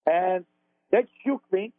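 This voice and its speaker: A high-voiced man with an Israeli accent speaks earnestly, often repeating his words as he tells his story. His voice comes over a narrow, phone-like band with a dry, close sound. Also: slow pace, no room sound. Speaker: radio show host, spiritual teacher. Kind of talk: conversational storytelling on talk radio. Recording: dry phone-like radio audio.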